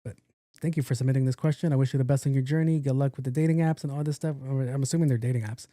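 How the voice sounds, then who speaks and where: A man's voice: mid-range voice, steady tone, rapid-fire, mellow, no room sound, clean studio sound. A man hosting a solo podcast in casual, blunt, profane talk, joking and acting out the people he quotes. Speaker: podcast host.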